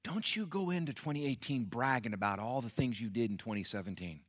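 A middle-aged man preaching a sermon to a congregation, animated, often jumping into loud acted-out voices. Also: medium pitch, brisk, no echo. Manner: animated, acts out bragging characters loudly. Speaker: pastor.

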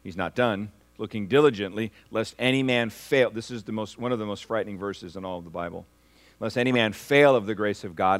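In a lowish voice, a man preaching as pastor asks his congregation to respond, moving from quiet, slow passages up to loud, climbing ones.

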